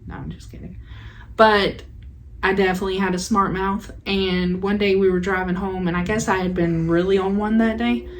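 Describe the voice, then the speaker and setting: A woman's voice: medium pitch, steady tone, normal speed. A young woman co-hosting a podcast, telling a childhood story in casual chat, teasing her co-host and laughing along. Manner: teasing, sarcastic, laughs often.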